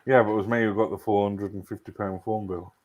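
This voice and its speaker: A man with a North East English accent tells a casual anecdote on a video call, laughing at his own story. His voice sits a little low, and the audio comes through dull and lo-fi. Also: steady tone, fast talker, darkish tone. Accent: North East England. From North East England.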